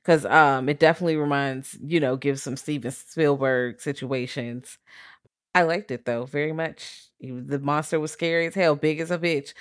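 A woman's voice: deep voice, fairly even intonation, moderate pace, no echo. A woman co-host, blunt and profane, casual movie talk, dry close sound. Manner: blunt, profane, lots of "like" fillers. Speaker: podcast co-host. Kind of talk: casual chat reviewing a film.

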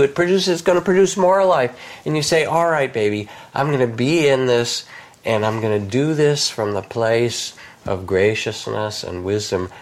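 An older man, a meditation teacher, speaking softly and unhurriedly in a guided reflection, lifting his voice warmly on key phrases. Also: mid-range voice. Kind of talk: gentle guided reflection in conversation.

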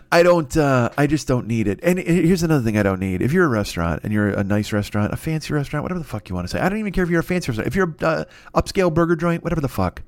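Profane ranting man, high and lively. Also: quick pace, no room sound, clean studio sound. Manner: profane, exasperated ranting with mock voices. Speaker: comedian. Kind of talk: improvised comedic rant.

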